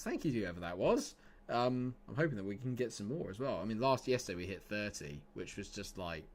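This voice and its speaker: A man's voice: fairly low pitch, lively intonation, a little fast. A young man streaming a football management game, chatting with viewers and breaking into exasperated outbursts. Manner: banter with chat, sudden exasperated outbursts. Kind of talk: casual livestream commentary.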